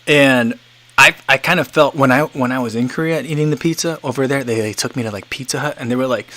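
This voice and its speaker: A man in his thirties hosts a relaxed livestream and reads out viewer comments. He rambles along casually, restarting sentences and leaning on fillers. His voice sits at an ordinary middle pitch. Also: fast. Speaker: livestream host.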